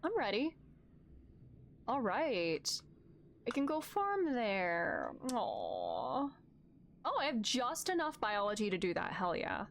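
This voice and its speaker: A woman's voice: mid-range voice, huge pitch swings, slow pace, creaky, long pauses, a little hiss or hum. A woman streamer playing through a story game, reacting effusively and emotionally to what happens. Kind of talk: let's play commentary.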